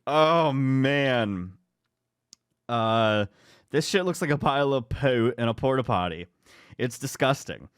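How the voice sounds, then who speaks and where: A man's voice: medium pitch, animated, slow, clean tone, dry recording, studio quality. A man co-hosting a podcast, reading stories aloud and rambling into laughing asides. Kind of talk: casual chat, reading posts aloud.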